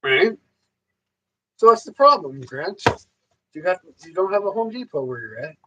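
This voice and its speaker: High, lively, swearing livestream ranter. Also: male voice, moderate pace, muffled recording, background noise. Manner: profane, ranting, heavy swearing; loose, rambling, repeats himself. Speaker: livestream host. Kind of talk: casual rambling livestream monologue.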